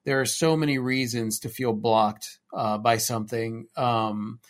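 Man, stream co-host, casual and jokey, mid-pitched, prone to goofy voices. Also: measured pace. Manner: animated, jokey, breaks into exaggerated silly voices. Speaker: co-host of a live art stream. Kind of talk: casual chat.

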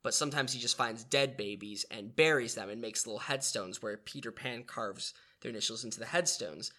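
A man's voice: mid-range voice, fairly quick, bright, forceful tone. A man co-hosting a podcast, telling and reading a story earnestly with some hesitant fillers. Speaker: podcast co-host. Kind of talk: casual chat and reading aloud.

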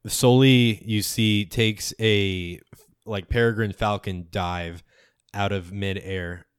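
Low-voiced male game master. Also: steady tone, takes it slowly, clear, resonant tone, no echo, clean studio sound. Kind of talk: narrating a tabletop game.

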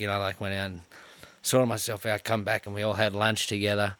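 A man's voice: on the low side, flat delivery, a little fast, hardly any pauses, fairly bright tone, no room sound. An Australian man in his thirties telling a story casually, profane and self-mocking. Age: 30s.

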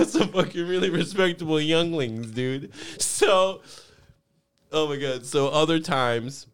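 With lively intonation but a slow delivery, a man laughs his way through rowdy stories in a casual chat. His swearing is frequent, and he voices other people's lines with high squeals.

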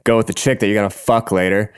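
Smooth-voiced young man telling stories. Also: on the low side, fairly even intonation, quick pace. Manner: profane, rambling, laughing. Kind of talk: casual storytelling.

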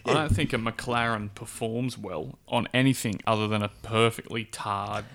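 A man's voice: fairly low pitch, normal speed, a bit bright. A man co-hosting a casual chat, making dry, wry remarks. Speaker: podcast co-host.

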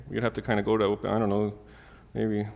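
A man's voice: fairly low pitch, little pitch movement, unhurried, vocal fry, a little mellow, long reverb tail, slight background noise. A man preaching a sermon in an easygoing, humorous way, mixing everyday stories and asides with Bible readings.

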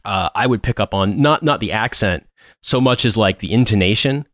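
A man's voice: fairly low pitch, normal speed, a bit bright, dry recording, clean studio sound. An American man from Indiana co-hosting a podcast, chatting casually in a rambling way with many fillers and restarts. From Indiana, USA. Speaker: podcast co-host. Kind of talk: casual chat.

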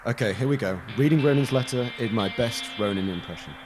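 A man's voice: medium pitch, quick pace, noisy background. A man chatting wryly and casually while playing a game. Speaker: gamer. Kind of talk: casual gaming chat.

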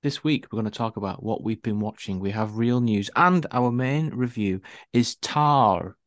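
A man, co-hosting a casual podcast and telling wry anecdotes with animated emphasis. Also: fairly low pitch, normal speed, no room sound, clean studio sound. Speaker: podcast co-host.

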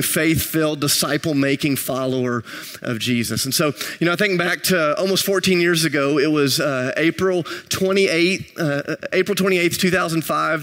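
A man's voice: a little high, a bit bright. A man preaching a sermon, telling stories with self-deprecating humor and building to rising intensity. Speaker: pastor.

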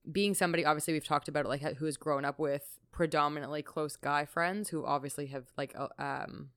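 A woman's voice: sits low, fairly even intonation, brisk, fairly bright tone, smooth, no room sound, studio quality. A woman chatting casually with a friend, laid-back and full of fillers, often laughing. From Canada. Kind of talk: casual chat.

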